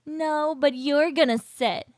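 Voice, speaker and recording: A man voicing a calm, menacing young woman who teases in a cool, controlled way. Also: very high-pitched, slow, dry recording, pitched above the performer's own voice. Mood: teasing menace.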